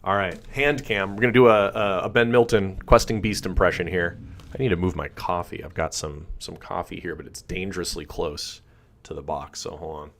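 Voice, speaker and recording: A man hosts a relaxed live stream, talking loosely and greeting viewers in the chat by name. His voice sits a bit low and is still a little rough. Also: normal speed. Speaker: channel host.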